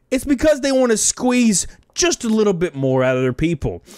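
A man hosting a commentary video, ranting in a fast, heated, jokey way and swearing freely. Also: high voice, no room sound, studio quality. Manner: animated, profane, jokey ranting.

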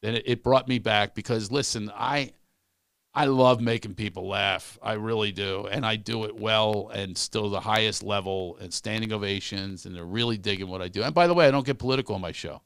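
A middle-aged man, a comedian guest on a podcast, telling comic stories in an animated way and acting out the people he quotes. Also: fairly quick, creaky, no room sound, studio quality. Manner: animated storyteller, acts out quoted voices, big pitch swings. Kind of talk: storytelling in a podcast chat.

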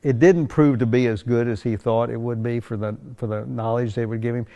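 Older male storyteller, gravelly, folksy and rambling, racing-team owner recounting anecdotes. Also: mid-range voice, fairly even intonation, fairly quick, dark tone. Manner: folksy, conversational, rambling with restarts. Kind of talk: animated anecdote telling.

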